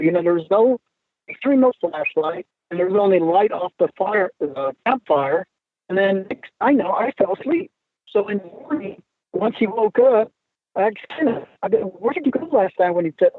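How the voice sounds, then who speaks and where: Man, high voice, halting speech, dry phone line. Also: lively intonation, no echo. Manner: halting, hard to hear. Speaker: guest. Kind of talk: recounting experience by phone.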